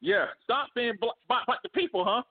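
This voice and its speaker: A man co-hosting a casual sports debate, animated and slangy, laughing often. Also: very high-pitched, fairly quick. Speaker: podcast co-host. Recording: phone-like remote call audio.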